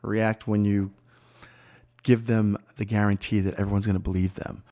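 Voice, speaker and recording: Animated man telling improv stories. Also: on the low side, normal speed. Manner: animated storyteller, voice swings up and trails off quietly. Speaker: improv teacher. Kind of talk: casual podcast conversation.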